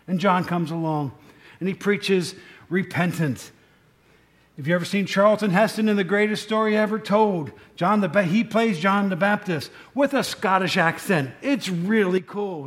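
A middle-aged man preaching a sermon as pastor, telling the story with lively asides and jokes. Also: high-pitched, moderate pace.

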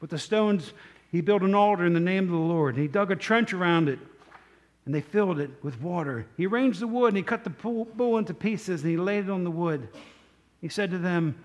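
A man's voice: high-pitched, expressive, fairly quick. A man preaching a sermon, telling a story in a conversational way with many rhetorical questions to the congregation.

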